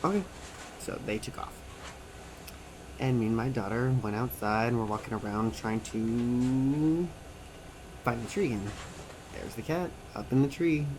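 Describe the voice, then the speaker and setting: A man voicing a signed personal story as an interpreter, animated and acting out the quotes and sounds. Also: medium pitch, measured pace, pauses often, background noise. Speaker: sign-to-voice interpreter.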